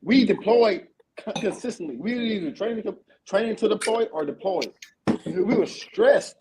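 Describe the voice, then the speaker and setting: A man hosting a casual veterans' podcast, telling army stories in a profane, animated way with lots of repeated fillers. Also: high voice, moderate pace, background noise. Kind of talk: casual chat.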